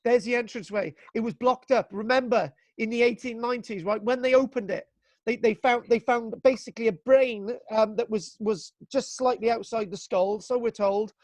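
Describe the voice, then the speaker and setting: In a live online lesson over video call, a British man teaches archaeology to young students with excitable, jokey energy, mock exasperation, and a habit of adding "right?" to sentences. He's very high-pitched, speaks at normal speed, and the recording is dry.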